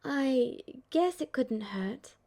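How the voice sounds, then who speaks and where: A woman voicing a gentle, playful young woman, speaking brightly in a fan-fiction audiobook. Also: high voice, expressive, very slow, heavily acted.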